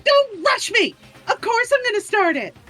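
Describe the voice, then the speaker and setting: Lady doing a squeaky little taunting bear mascot, singsong, lively, music behind. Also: normal speed, full character voice. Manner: high squeaky sing-song put-on voice. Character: cutesy mischievous bear mascot, sing-song and taunting.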